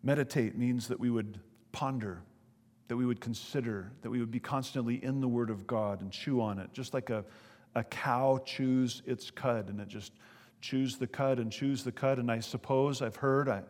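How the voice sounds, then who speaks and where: A man preaching a sermon as pastor, earnest, reading scripture aloud slowly and emphatically. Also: mid-range voice, darkish tone, big-room sound.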